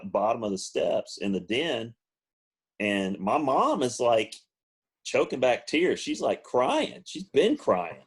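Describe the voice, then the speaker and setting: A man's voice: on the low side, husky. A man co-hosting a sports talk show, telling a story in a casual chat and laughing often. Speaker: podcast co-host.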